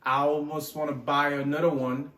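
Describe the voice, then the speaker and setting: A slightly high-voiced man hosts a casual show-and-tell video, rambling and cracking jokes as he loses count. He puts on a mixed Texan and Australian accent, and his voice bounces around an echoey room. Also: little pitch movement, normal speed, bright, forceful tone. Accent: put-on mixed Texan and Australian. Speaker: gun channel host.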